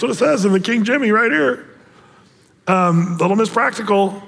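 A man preaching a sermon, telling the story in an animated, playful way with voiced asides. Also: high-pitched, moderate pace, gravelly, big-room sound. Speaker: pastor.

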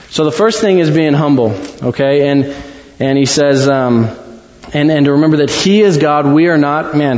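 A man preaching a sermon in a church, talking in a conversational, halting way with many restarts. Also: mid-range voice, a little mellow. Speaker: pastor. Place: church sanctuary. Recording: dull sound in a long-echo hall.

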